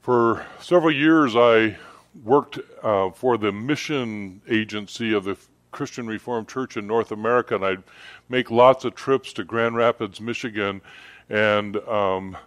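A man's voice: on the low side, measured pace, no echo. A middle-aged man preaching a sermon as pastor, rambling conversationally with frequent restarts. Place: church service.

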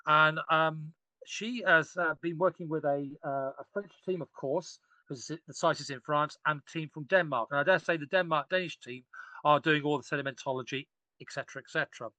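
A man's voice: a little high, brisk, bright, forceful tone, no echo. A man, an archaeologist guest on a podcast, talking enthusiastically and rambling with frequent restarts. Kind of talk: casual podcast discussion.

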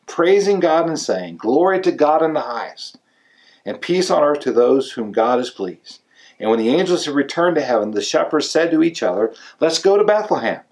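A man's voice: medium pitch, a little mellow. A male pastor preaching a sermon in a conversational way, pushing his voice up to stress key words.

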